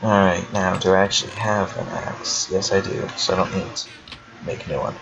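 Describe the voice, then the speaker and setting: A man's voice: low-pitched, steady tone, moderate pace, creaky, music in the background. A young man giving casual commentary while he plays a game, chatty and talking to himself, swearing now and then. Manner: chatty, swears and laughs often, talks to himself. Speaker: let's player. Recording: dull lo-fi home recording with faint hiss.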